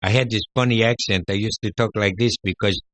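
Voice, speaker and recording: Deep-voiced older man telling stories. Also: steady tone, a bit bright, no room sound. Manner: rambling anecdotes with many "uh" pauses. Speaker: guest entertainer. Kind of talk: casual radio interview.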